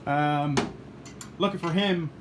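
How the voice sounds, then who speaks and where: A joking man talks casually to camera from his home garage, laughing often and swearing. His voice sits on the higher side, with a faint hum of noise underneath. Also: takes it slowly. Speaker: car channel host.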